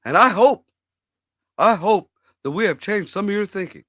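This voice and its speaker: A man putting on an impression of a well-known male politician, speaking in a measured, emphatic speech-making cadence. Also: high voice, expressive, fairly bright tone, dry recording, studio quality. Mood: oratorical.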